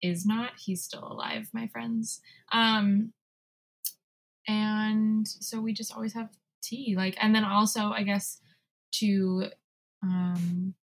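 Young female co-host with a husky, fry-tinged voice; rambling, giggly banter. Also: medium pitch, steady tone, takes it slowly. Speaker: podcast co-host. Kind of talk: casual chat.

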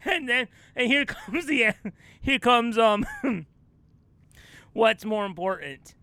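Giggly high-voiced woman, slow and dry. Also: lively intonation, fairly bright tone, no echo. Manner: giggly, trailing off with fillers. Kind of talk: casual improvised comedy chat.

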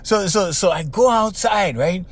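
Older man, Hawaiian accent, casual slangy storytelling, fairly high voice, lively swings in pitch. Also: unhurried, slightly rough. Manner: animated, slangy, repeats himself. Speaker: podcast host.

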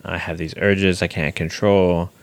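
A man's voice: low voice, flat delivery, a little slow. A young man co-hosting a podcast, talking frankly and self-deprecatingly with his wife about their relationship. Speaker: podcast co-host. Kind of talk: candid couple chat.

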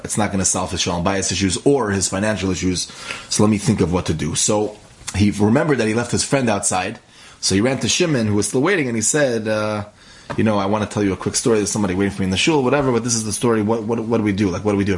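A man's voice: on the low side, very fast. A man telling a story in a casual, conversational way, acting out what each character says. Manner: conversational, acts out the characters' dialogue.

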